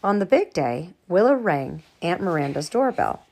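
A woman reading a children's storybook aloud to a child in a gentle, lively way. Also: fairly low pitch, normal speed.

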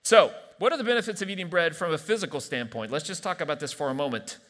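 Joking pastor preaching in a reverberant church hall. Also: male voice, a little high, lively intonation, quick pace, a bit bright. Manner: playful, joking asides between scripture reading. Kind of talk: sermon.

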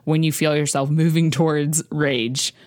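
A woman with a notably low voice hosts a relaxed interview. She affirms what her guest says and follows up with thoughtful questions. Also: unhurried. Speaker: podcast host. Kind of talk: casual interview.

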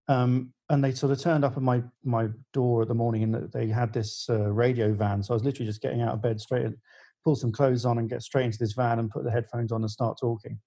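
A man's voice: medium pitch, flat delivery, quick pace, warm tone, rough recording. A middle-aged man, a music journalist, telling a long anecdote in casual podcast chat, full of fillers and restarts. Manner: rambling storyteller with many fillers and restarts.

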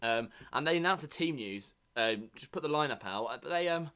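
A man's voice: fairly high pitch, lively intonation, a little fast, pushed and bright, clear, resonant tone. A man from England co-hosting a casual podcast, rambling with many ums and restarts. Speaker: podcast co-host. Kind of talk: casual banter.

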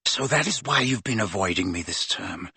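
A man voicing a cold, stern male schoolmaster who speaks low, quietly and in clipped phrases, in an audiobook. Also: expressive, moderate pace, creaky, husky, no room sound, full character voice. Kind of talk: audiobook character voice.

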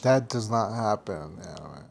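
A man co-hosting a casual podcast. His voice has a gravelly fry, and he keeps his replies short and his quips dry. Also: on the low side, expressive, normal speed. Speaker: podcast co-host. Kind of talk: casual watch-along chat.

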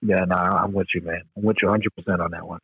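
A man co-hosting a casual chat, joking along in an animated, profane way. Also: low-pitched, quick pace, husky, no room sound, narrow, tinny audio. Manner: animated, profane, agreeing banter. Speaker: podcast co-host.

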